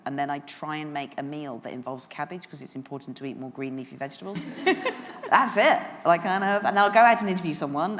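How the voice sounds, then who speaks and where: Fast-talking woman with a low voice. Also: big-room sound, a little hiss or hum. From England, West Midlands. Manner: candid, chatty, laughing often, swears. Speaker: guest author. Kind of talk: on-stage conversation at a lunch event. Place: large hotel function room.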